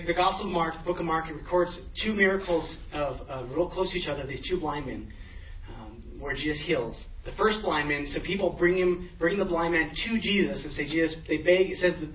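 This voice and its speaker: A man's voice: fairly high pitch, a little hiss or hum. A man in middle age preaching a sermon as pastor, casual storytelling with frequent restarts. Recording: echoey, distant, dull room sound.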